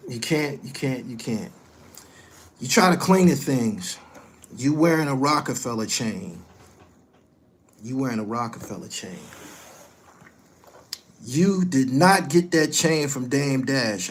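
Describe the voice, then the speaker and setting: A middle-aged man delivering a heated, profane rant, scolding someone directly and swinging between loud outbursts and low muttering. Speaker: commentary host.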